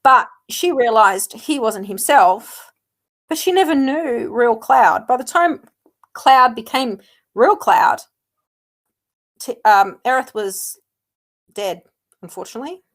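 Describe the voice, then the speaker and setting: A woman's voice: on the high side, expressive, slow, pauses often, a bit bright. A woman arguing her side in a casual fan debate, firm and emphatic.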